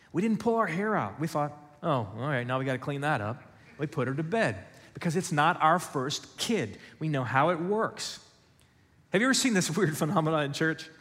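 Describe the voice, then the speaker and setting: A man preaching a sermon, moving from hushed storytelling to loud emphasis with a conversational, joking manner. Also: on the high side, long reverb tail. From United States. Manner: dramatic shifts from hushed to loud, conversational and humorous. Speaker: pastor. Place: church.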